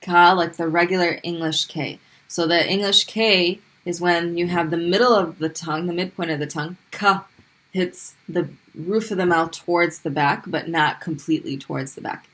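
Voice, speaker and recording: Woman language teacher, slightly low pitch, patient classroom explainer who drills sounds. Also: fairly even intonation, a bit bright. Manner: patient, repeats sounds slowly and clearly for drilling. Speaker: Arabic teacher. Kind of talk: classroom lesson explaining pronunciation.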